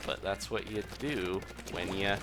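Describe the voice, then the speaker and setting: A man's voice: low-pitched, measured pace. A young man giving chatty live commentary while streaming a game, reading out chat and laughing often. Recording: music playing behind the voice.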